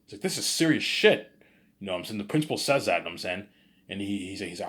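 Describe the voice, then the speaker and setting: A man's voice: lowish voice, animated, fast talker, a bit bright. Rambling young man telling a story. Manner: rambling, repeats words, says "you know what I'm saying" often. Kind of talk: casual spoken storytelling.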